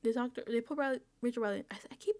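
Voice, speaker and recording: A woman's voice: a little high, very fast, a little mellow, dry recording. A woman casually recapping a reality show episode, chatty and laughing often, sometimes dropping into whispered asides. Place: indoors, home setup.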